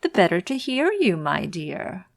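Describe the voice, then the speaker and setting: A woman's voice: fairly low pitch, big pitch swings, measured pace, vocal fry, dry recording, clean studio sound, full character voice. A woman voicing a big, cunning male wolf in a storybook read-aloud, in a sly, coaxing way. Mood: menacing.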